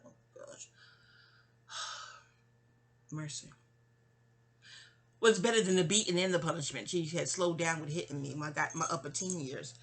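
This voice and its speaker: A woman's voice: fairly low pitch, fairly bright tone, husky. A woman, telling her life story in a rambling, digressive way, often breaking off and circling back. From New York City. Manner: digressive, self-interrupting, sighing asides. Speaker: memoir narrator.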